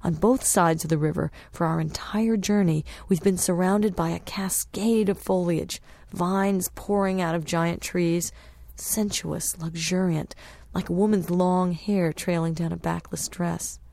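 Gravelly low-voiced woman narrating. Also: fairly even intonation, a little mellow. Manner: measured, descriptive storytelling. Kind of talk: scripted audiobook narration.

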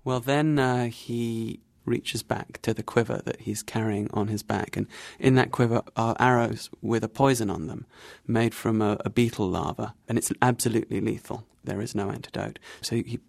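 Gravelly-voiced man telling a travel story. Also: on the low side, fairly even intonation, normal speed, hardly any pauses, no room sound. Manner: vivid anecdotal storytelling with frequent restarts and soft laughs. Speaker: interview guest, travel writer. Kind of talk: storytelling interview answers.

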